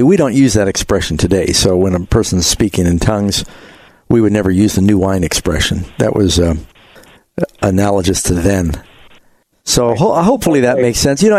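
A man's voice: lowish voice, a little mellow, no echo. A man hosting a call-in Bible radio program, answering callers' questions and reading scripture aloud. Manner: explanatory, reads scripture aloud.

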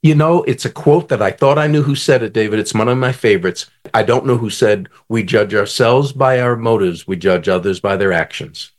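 A man speaking as a conflict coach and author in an interview, animated, often asking the host to finish his sentences. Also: lowish voice, fairly quick, few pauses. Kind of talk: guest in an interview, coaching talk.

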